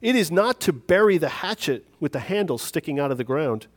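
A man gives a relaxed, talky sermon in a voice sitting a little above the usual male range. He speaks like he is chatting with the congregation, poking fun at himself as he tells a story from his own life. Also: a little high, brisk. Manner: conversational, self-deprecating, chuckles at himself. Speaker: preacher.

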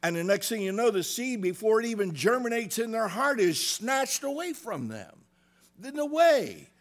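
A middle-aged male pastor preaching a sermon, swinging between loud emphatic bursts and hushed asides, asking the congregation "amen?". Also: high-pitched, big pitch swings, moderate pace.

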